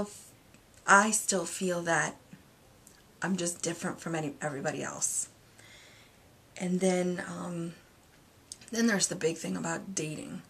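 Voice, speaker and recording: A woman in her thirties, a single mom, talking candidly in a confessional vlog, rambling and hesitant, with many pauses and fillers. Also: fairly low pitch, husky. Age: 30s. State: emotional, near tears at moments. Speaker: vlogger.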